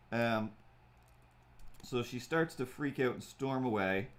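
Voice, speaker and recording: This is a male stream host talking loosely and filling his speech with "um"s as he sketches for viewers. His pitch is medium and his delivery slow, broken up by long gaps.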